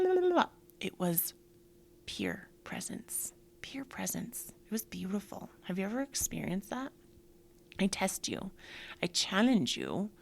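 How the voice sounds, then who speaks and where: Woman host, middle-aged, casual uplifting chat, breathy whispers, slight vocal fry. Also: mid-range voice. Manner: breathy, drifting into soft whispers, many "like" fillers. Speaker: yoga podcast host. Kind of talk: casual motivational talk.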